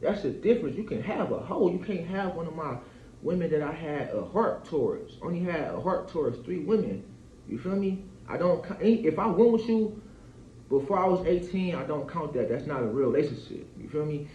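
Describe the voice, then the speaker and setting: A man in his thirties with a fairly high voice rambles through a profane, heated monologue. He keeps checking in with his listener as he talks. His voice carries a roomy echo on a dull, lo-fi recording. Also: sing-song, brisk, dark tone, a little hiss or hum. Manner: rambling, profane, keeps asking "you feel me". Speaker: vlogger. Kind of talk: casual venting monologue. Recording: echoey dull lo-fi room.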